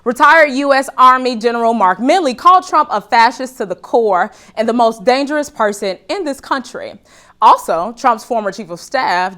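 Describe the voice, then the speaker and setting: Brief: woman talk show host, playful comedic monologue, slightly high pitch. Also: fairly bright tone. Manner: joking, addresses audience as y'all. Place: studio with live audience.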